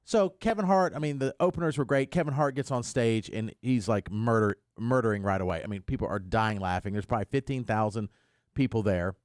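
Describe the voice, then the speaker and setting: A man's voice: fairly low pitch, a little fast, dry recording. A man hosting a morning radio show, telling a story in casual studio chat and acting out the quotes. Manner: animated storyteller who acts out quotes. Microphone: studio microphone.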